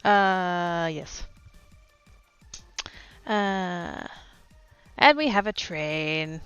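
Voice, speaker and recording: A woman chatting casually with her viewers on a livestream from home, playful and silly, breaking into sudden high squeals as she reads and answers chat. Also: extremely slow, long pauses, fairly bright tone, clean tone, no echo, dull audio, faint music behind.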